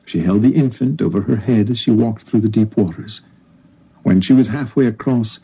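A man reads a story aloud in a calm, measured narration. His voice is very dark and mellow, with a husky grain. He sits at a middle pitch. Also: low-quality recording. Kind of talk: scripted audiobook narration.

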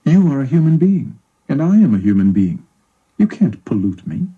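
A man voicing a gentle, soft-spoken hermit. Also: on the low side, animated, normal speed, breathy edge, narrow, tinny audio. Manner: quiet and reassuring. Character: gentle, kind adult male hermit.

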